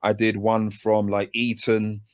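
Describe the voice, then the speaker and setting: A man with a British accent, a guest in a casual interview, telling animated stories with frequent asides. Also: on the low side, a little slow, no echo, studio quality. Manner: animated anecdotes with lively asides and laughs. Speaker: guest, music producer and voice actor.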